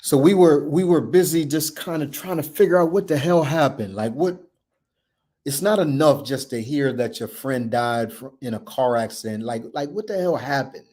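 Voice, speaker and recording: A man's voice: a little high, normal speed, a little mellow. Male podcast host, storyteller, emphatic and repetitive delivery with acted-out dialogue. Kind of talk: personal storytelling.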